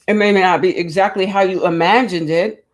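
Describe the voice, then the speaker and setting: A woman's voice: on the low side, fairly even intonation, moderate pace. A woman hosting a crochet livestream, chatting casually with viewers and reading their comments aloud.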